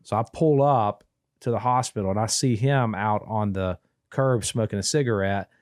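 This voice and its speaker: A man's voice: on the low side, normal speed, no echo, studio quality. A man telling a long family story in casual podcast talk, full of restarts and quoted dialogue.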